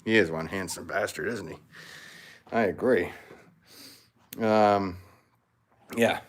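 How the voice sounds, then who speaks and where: A man's voice: sits low, slow pace. A man, a potter, chatting casually on a livestream and greeting viewers by name in a rambling, easygoing way.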